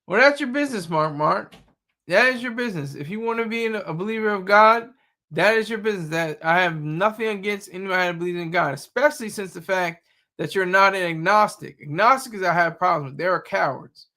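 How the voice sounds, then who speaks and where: Gravelly high-voiced man, combative streamer. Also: a little fast, pushed and bright. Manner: combative, mocking, repetitive. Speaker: streamer reacting to news and chat. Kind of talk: casual live-stream commentary.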